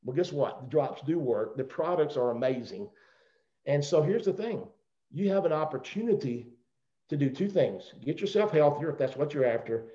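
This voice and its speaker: Southern guy rambling and joking, kinda highish voice, mellow, echoey dull zoom audio. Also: expressive, normal speed. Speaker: guest speaker on a company call. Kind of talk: casual motivational talk. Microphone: video call. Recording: roomy, dull video call audio.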